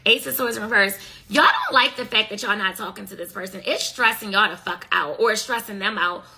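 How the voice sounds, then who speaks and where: A woman's voice: medium pitch, creaky, pushed and bright, slight background noise. A woman doing a casual tarot reading, talking bluntly in profane slang and scolding her listeners. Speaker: tarot reader.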